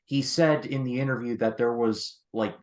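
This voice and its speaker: A man's voice: medium pitch, normal speed, darkish tone. A man co-hosting a casual film discussion, making wry, joking asides. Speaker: film review co-host. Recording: echoey room.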